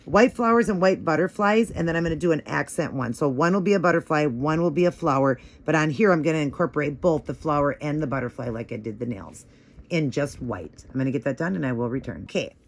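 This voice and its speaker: A man's voice: fairly high pitch, animated, quick pace, gravelly. A man hosting a nail art tutorial, talking through each step in a chatty, encouraging way and gushing over how the results look.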